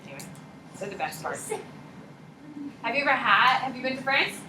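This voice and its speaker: A woman teacher giving a jokey, animated classroom lecture to her students. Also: a little high, normal speed, pauses often. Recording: echoey classroom with background noise.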